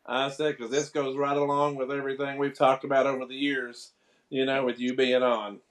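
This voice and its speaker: A man's voice: medium pitch, level tone, moderate pace. A man hosting a talk show, casually steering his guest onto a new topic. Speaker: host.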